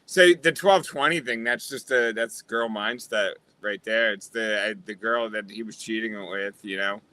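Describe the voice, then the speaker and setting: A man with a very bright, sharp tone and a medium pitch chats casually on a podcast. He spins jokey stories, slipping into quick acted-out lines of dialogue. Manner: storytelling, acts out little quoted bits. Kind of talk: casual chat.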